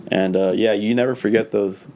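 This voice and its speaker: A man's voice: lowish voice, steady tone, normal speed, background noise. A man hosting a casual chat, laid-back, slangy and profane, encouraging his guest. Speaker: host.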